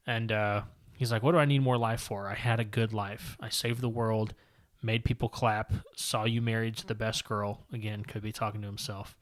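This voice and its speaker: A man talking through a comic book story on a podcast, rambling and long-winded. His delivery stays fairly flat in pitch, even when he reads the characters' lines aloud. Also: moderate pace. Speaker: podcast co-host. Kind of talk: casual comic book discussion, reading panels aloud.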